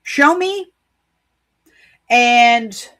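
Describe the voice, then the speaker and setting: A woman's voice: on the high side, animated, drawn-out words, fairly bright tone. A woman giving spiritual card readings on a live stream, chatty, playful and encouraging.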